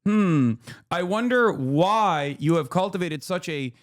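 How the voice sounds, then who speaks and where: A man's voice: high-pitched, animated, takes it slowly. A man chatting casually on a stream, joking and laughing often. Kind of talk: casual chat.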